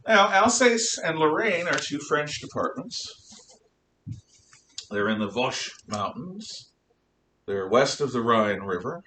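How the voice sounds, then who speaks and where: A man giving a history lecture to a class, emphatic and animated, firing off rhetorical questions. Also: takes it slowly, pauses often. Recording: roomy, distant mic with faint rumble.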